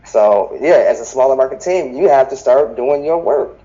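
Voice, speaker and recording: A man co-hosting a podcast, talking sports in a laid-back, halting way. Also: medium pitch, animated, dark tone, muffled recording. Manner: laid-back, halting, often says "you know what I'm saying". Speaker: podcast co-host. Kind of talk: casual sports talk.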